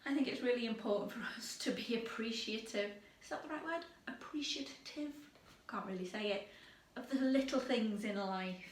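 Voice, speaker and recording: A woman leading a drama warm-up video, chatty and lively, calling out game commands with energy. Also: medium pitch, far from the mic. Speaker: drama workshop leader. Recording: echoey room, voice away from mic.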